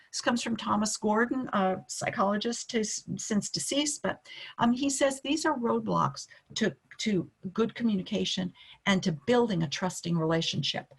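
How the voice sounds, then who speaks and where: A woman's voice: on the high side, fairly bright tone, slightly rough. A middle-aged woman giving a conversational webinar on coaching, talking through slides with many fillers and restarts. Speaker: wellness coaching trainer.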